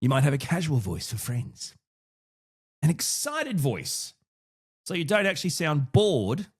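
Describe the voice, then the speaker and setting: A man's voice: a little high, very animated, a little slow, slightly rough. A man hosting his own podcast, talking casually and thinking aloud with frequent restarts and asides. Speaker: podcast host. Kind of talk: casual solo podcast talk.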